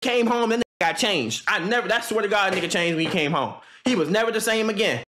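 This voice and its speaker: High-voiced young man ranting to chat. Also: quick pace. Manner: animated, slangy and joking, many restarts and impressions. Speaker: streamer. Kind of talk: casual rant to a live stream chat.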